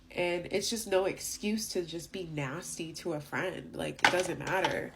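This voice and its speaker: A woman's voice: on the low side, unhurried, gravelly, hardly any pauses, a bit bright, a little hiss or hum. A young woman vlogger telling an indignant storytime rant, emphatic and full of fillers.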